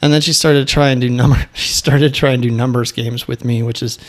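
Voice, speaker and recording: A man telling a casual, animated anecdote, with quick asides and acted-out quotes. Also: mid-range voice. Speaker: storyteller.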